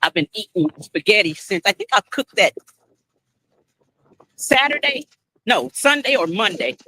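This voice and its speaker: A woman's voice: medium pitch, very animated, a little slow, pushed and bright, slightly rough, low-quality recording. A woman chatting casually on a live stream, talking straight to her viewers and laughing often, first at a shop checkout and then at home.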